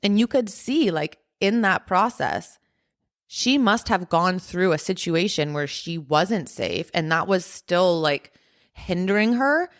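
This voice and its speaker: A woman's voice: on the low side, animated, slow pace. A woman hosting a podcast, casually telling a personal story with lots of "like" and "um" fillers. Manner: chatty, heavy use of "like" and "um" fillers. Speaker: podcast host.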